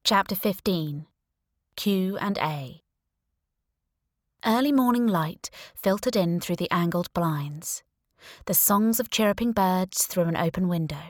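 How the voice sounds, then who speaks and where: A woman reading a first-person thriller audiobook, slow and deliberate with lively expression. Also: fairly low pitch, no room sound, clean studio sound. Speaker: audiobook narrator. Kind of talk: scripted first-person narration.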